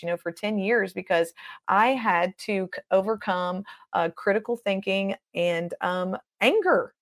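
A woman's voice: mid-range voice, measured pace. A middle-aged woman minister, a guest on a podcast, speaking with fervent, preacherly exhortation. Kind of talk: podcast interview.

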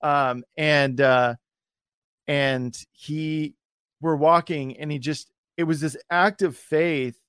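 A man's voice: on the high side, steady tone, slow pace, a bit bright, smooth, no echo, studio quality. A man hosting a podcast, telling a personal story in a loose, rambling way with many restarts. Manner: rambling, full of restarts and fillers. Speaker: podcast host.

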